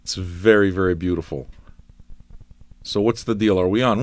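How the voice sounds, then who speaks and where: A man's voice: low-pitched, normal speed, pauses often, dry recording. A man hosting a live music stream show, rambling and swearing in playful exasperation. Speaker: radio show host. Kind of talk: casual livestream chat.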